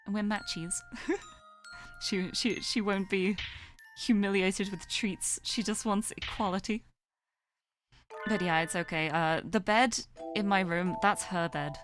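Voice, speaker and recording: A woman's voice: medium pitch, steady tone, measured pace. A woman streaming a game, chatting casually and playfully with viewers. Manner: playful, coos and baby-talks to her cat. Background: game music.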